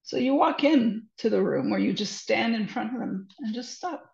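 Gravelly woman giving earnest parenting advice. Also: on the high side, very animated, normal speed, darkish tone. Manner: earnest, reassuring, repeats "trust me". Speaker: parenting educator guest. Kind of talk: conversational advice talk. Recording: roomy, slightly dull lo-fi sound.

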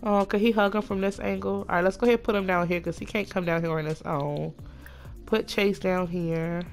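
A woman chatting casually through a life-sim game, gushing over her characters and voicing them in quick asides. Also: medium pitch, steady tone, gravelly, soft background music. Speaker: Sims let's play narrator. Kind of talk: casual gameplay commentary.

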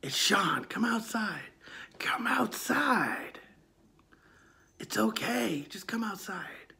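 A man in a whispered role-play voicing a demon that poses as a teenage boy on the phone, coaxing and insistent in a hoarse whisper. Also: high voice, lively intonation, takes it slowly, sharp tone, voice pushed up, exaggerated voice. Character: menacing demon posing as a teen boy on the phone.

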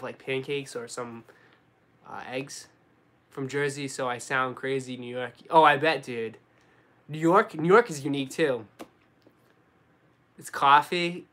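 A young man with a Boston accent, chatting casually on a live stream and answering viewers, relaxed and full of slang. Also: medium pitch. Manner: relaxed, slangy, says dude and bro a lot. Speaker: sneaker YouTuber answering live chat.

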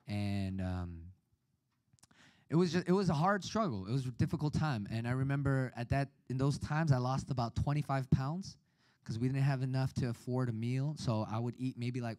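A man in his thirties preaching a sermon over a video call, telling a personal story with lively acted-out voices. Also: medium pitch, dry recording. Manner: animated storytelling, acts out quoted voices.

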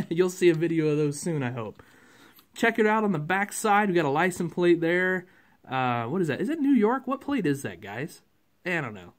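A man, casually reviewing a model truck in a rambling, chatty way with many fillers. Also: on the high side.

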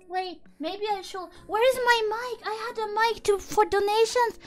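A woman streaming casual chat to her viewers, playful and excitable, with non-native English phrasing. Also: very high voice, normal speed, hardly any pauses, faint music behind. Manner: playful, excitable, slips into mock outrage. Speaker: VTuber streamer.

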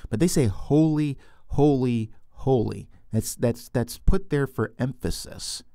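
A man's voice: lowish voice, dark tone, no echo, clean studio sound. A man teaching from the Bible in a loose, unscripted way, often restarting and repeating words, and asking questions that he answers himself.

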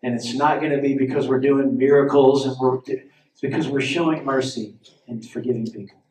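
A man's voice: mid-range voice, moderate pace, reverberant, recorded from a distance, poor audio. A male pastor preaching a sermon, telling stories with laughs and acting out the characters' lines. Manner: animated storytelling with laughs and acted-out quotes. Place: church sanctuary.

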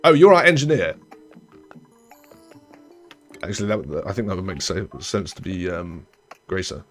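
A very animated young man, speaking at a moderate pace with faint music in the background, chats through a colony-building game as a gaming streamer. The let's-play commentary is casual and rambling; he keeps correcting himself and lets sentences trail off low.

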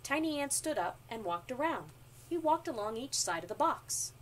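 A woman reading a children's storybook aloud, with expressive narration, recorded from a distance with faint noise. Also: sits high, normal speed. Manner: expressive, animated.

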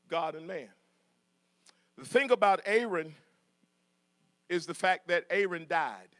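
A middle-aged man preaching a sermon in church, moving from soft asides to shouted passages and joking with the congregation. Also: on the high side. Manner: jokes with congregation, laughs. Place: church sanctuary.

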